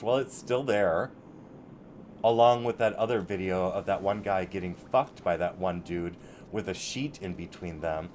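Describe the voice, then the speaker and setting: Blunt, ranting low-voiced man. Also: normal speed, a little mellow, a little hiss or hum. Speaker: show host. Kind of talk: casual live-stream chat.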